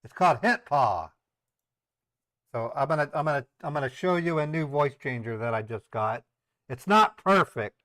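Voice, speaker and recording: A man hosting a casual live stream, rambling and halting with many ums as he sets up a voice changer. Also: mid-range voice, expressive, a bit bright, no echo. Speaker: scambaiting streamer.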